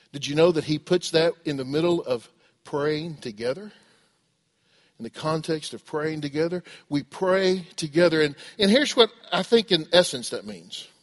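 A middle-aged man preaching a sermon, with a voice pitched a little high for a man. He asks his listeners rhetorical questions and acts out the voices of the people he quotes. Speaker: pastor.

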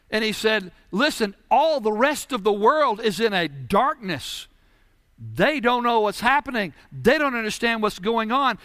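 Male pastor, emphatic preaching style, high bright voice, dry close sound. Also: dry recording. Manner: emphatic preaching with rhetorical questions. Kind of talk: sermon.

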